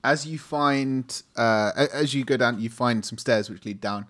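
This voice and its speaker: Relaxed man running a tabletop game. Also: mid-range voice, moderate pace. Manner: relaxed, hesitant descriptions. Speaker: game master.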